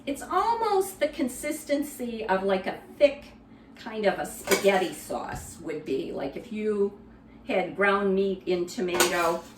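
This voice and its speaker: A woman giving a cooking demonstration in a kitchen, explaining in a relaxed, conversational way with some fillers. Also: medium pitch, unhurried, roomy sound, far from the mic, noisy background.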